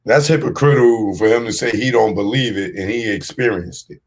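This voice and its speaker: A man's voice: fairly low pitch, fairly quick. A man hosting a show, giving blunt, streetwise commentary on a clip he has just played. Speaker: podcast host.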